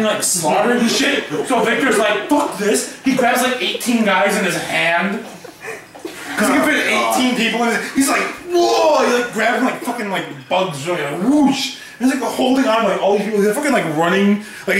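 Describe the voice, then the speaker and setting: A man's voice: high-pitched, moderate pace, fairly bright tone. A man improvising a comic tall tale, rambling and swearing, laughing often and filling gaps with "like", recorded from a distance in a very echoey space. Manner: rambling, profane, laughing, many fillers. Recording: very echoey, distant, crowd noise.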